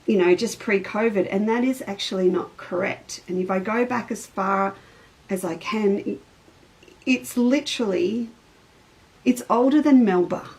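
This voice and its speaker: Middle-aged woman host, rambling and chatty, mid-pitched, casual show-and-tell. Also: unhurried, darkish tone, rough recording. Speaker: show host and fabric designer.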